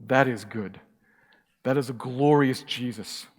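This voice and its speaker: Impassioned preacher in a reverberant church. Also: male voice, mid-range voice, unhurried, faint music behind. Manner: impassioned, emphatic repetition. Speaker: pastor. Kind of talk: sermon. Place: church sanctuary.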